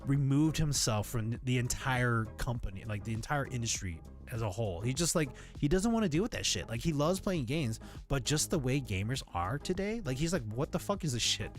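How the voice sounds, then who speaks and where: Male streamer, mid-pitched, chatty rant full of profanity, faint music under him. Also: big pitch swings, a little fast, hardly any pauses. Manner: rambling, ranting, swears freely. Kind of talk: casual live-stream chat.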